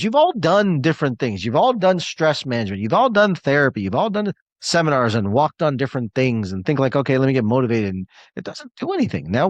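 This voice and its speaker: A man in his forties talks to an online audience in a motivational style, hammering home points through repetition. His pitch swoops up and down with lots of movement. The recording is dry and close, with no room echo. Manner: emphatic and repetitive, leans on key words. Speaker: motivational speaker. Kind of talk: motivational webinar talk.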